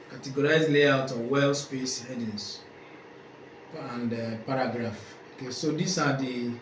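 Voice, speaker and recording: A male lecturer teaching a class, who asks questions, answers them himself and repeats key points. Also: mid-range voice. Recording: echoey room, faint background noise.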